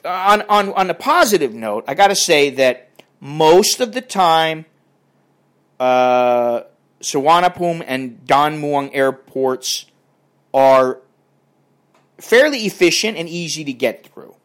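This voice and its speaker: A man's voice: on the high side, lively intonation, slow pace, fairly bright tone. An older man ranting in a crotchety, profane and rambling way as he talks to his viewers. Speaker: vlogger. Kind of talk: casual rant to camera.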